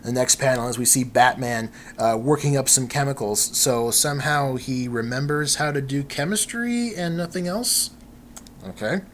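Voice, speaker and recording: A man's voice: medium pitch, moderate pace, a bit bright, a little hiss or hum. A man hosting a show, giving an off-the-cuff, amused comic book reading with chatty commentary. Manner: amused, chatty, laughs now and then. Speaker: podcast host.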